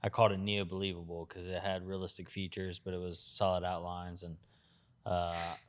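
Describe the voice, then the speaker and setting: A relaxed male podcast host who speaks in a smooth, resonant voice that sits a little low. He chats easily and fills his sentences with casual asides. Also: moderate pace. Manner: easygoing, many fillers like "you know". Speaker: podcast host, tattoo artist.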